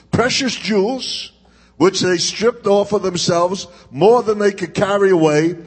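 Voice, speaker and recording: Male pastor, sermon delivery, high husky voice, slow and deliberate, long church reverb. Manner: call-and-response preaching, drawn-out emphatic phrasing. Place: church sanctuary. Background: congregation responding.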